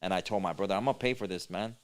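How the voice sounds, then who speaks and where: Low, smooth-voiced LA man. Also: racing. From East Los Angeles. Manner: rambling, many fillers and restarts, slang. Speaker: podcast host. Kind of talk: casual storytelling chat.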